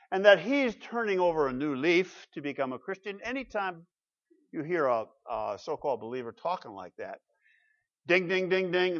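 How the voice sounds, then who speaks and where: A man preaching an expository sermon, animated and emphatic, with rhetorical questions and repeated phrases. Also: a little high, highs cut off. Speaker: pastor.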